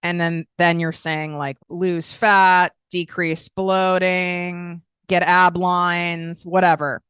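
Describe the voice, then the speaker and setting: Low-voiced blunt woman coaching. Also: slow, clean tone, no echo, clean studio sound. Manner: blunt, swears freely, animated with emphatic asides. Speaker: podcast host and business coach. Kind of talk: casual coaching monologue.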